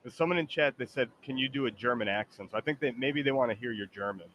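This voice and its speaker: A man's voice: mid-range voice, fast, highs cut off, noisy background. A man streaming a game, chatting casually and hesitantly, often trailing off with fillers. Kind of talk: casual gaming chat.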